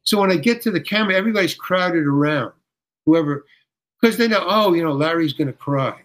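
An older American man, a guest actor, spins an animated anecdote with real flair, voicing each character he quotes. His pitch runs a bit higher than most men's, and though he frequently trips and restarts mid-sentence, the story keeps moving. He talks briskly, and the recording is rough.

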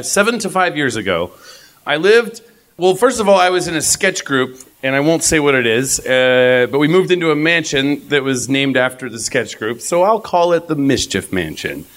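A man starting a comic personal story on stage, halting with many fillers. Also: mid-range voice, a bit bright. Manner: hesitant, filler-heavy setup. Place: stage with live audience.

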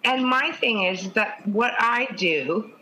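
A woman's voice: fairly high pitch, expressive, slow pace, sharp tone, a little hiss or hum, rough recording. A woman from Canada, a social worker, talking earnestly and at length on a video chat. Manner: earnest, talkative.

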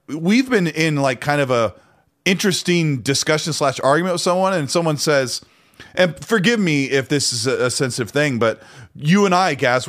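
A man's voice: on the high side, fairly bright tone. Man co-host for a casual gaming show, loose and rambling. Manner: rambling, frequent restarts. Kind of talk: casual podcast chat.

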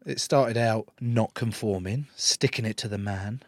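A young professional rugby player, a guest in a casual interview, talks at a measured pace in a voice on the low side. The recording is dry and studio quality. He tells jokey stories, swears, and acts out quotes.

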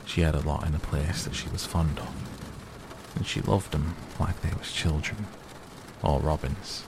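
A man voicing a grumbling, grunting old gardener who is cross but softhearted, talking with reluctant gruffness. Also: rumbling low, steady tone, moderate pace, background noise. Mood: reminiscing. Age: older.

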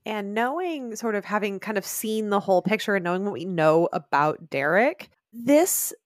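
A woman's voice: medium pitch, expressive, moderate pace, dry recording, clean studio sound. A woman co-hosting a podcast, recapping a TV episode in casual chat, playful and laughing often as she acts out quotes. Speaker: podcast co-host.

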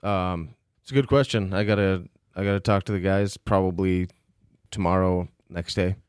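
A man playing his character in a tabletop game, speaking hesitantly with many pauses. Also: low voice, fairly even intonation, darkish tone, smooth, dry recording, studio quality. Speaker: player.

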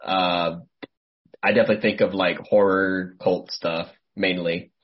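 A man's voice: low voice, flat delivery, measured pace, highs cut off. A man co-hosting a podcast in casual chat, thinking aloud and correcting himself mid-sentence. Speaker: podcast co-host.

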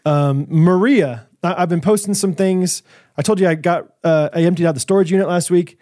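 A man on a casual podcast, telling a story and laughing often as he acts out the lines of the people in it. His voice sits a bit high for a man. He keeps it loose and chatty. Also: moderate pace, dark tone, no room sound, studio quality. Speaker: podcast co-host. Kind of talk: casual chat.

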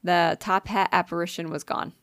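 A woman co-hosting a casual podcast, excitedly retelling a ghost-hunting episode with lots of fillers and swearing. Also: on the low side, moderate pace, dry recording, studio quality. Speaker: podcast co-host. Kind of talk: casual podcast chat, storytelling.

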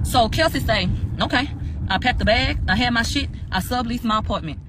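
A woman co-hosting a casual recap, retelling testimony in a profane, animated, ranting way. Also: fairly high pitch, brisk, noisy background. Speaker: podcast co-host recapping court testimony.

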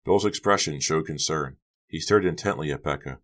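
A man narrating an audiobook in a steady storytelling delivery. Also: extremely low pitch, moderate pace.

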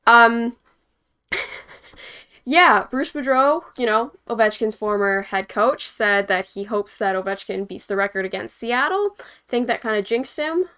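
A woman's voice: on the high side, animated, unhurried, pushed and bright, clear, resonant tone. A young woman hosting a hockey post-game show, talking casually and rambling with lots of fillers and chuckles. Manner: rambling, filler-heavy, chuckles between points. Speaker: hockey podcast host.

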